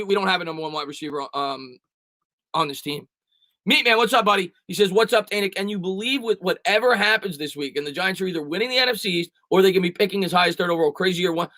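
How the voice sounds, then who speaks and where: This male sports live-stream host sits high in pitch, with a bright, forceful tone on a dry recording. He goes through viewers' comments and replies in a loose, quick, repetitive way, stumbling and starting over often.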